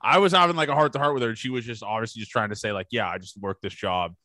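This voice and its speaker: A man's voice: lowish voice, rapid-fire, bright, forceful tone, no echo. A man on a podcast telling rambling party stories in casual chat, swearing often and acting out what people said. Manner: rambling storyteller, swears a lot, acts out quotes. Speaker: podcast co-host.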